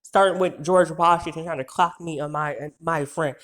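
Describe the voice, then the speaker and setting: A man's voice: fairly high pitch, fairly even intonation, a bit bright. A man in his twenties telling a story in a heated, profane rant, so worked up that he trips over his words. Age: 20s. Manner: heated, profane, rapid-fire insults.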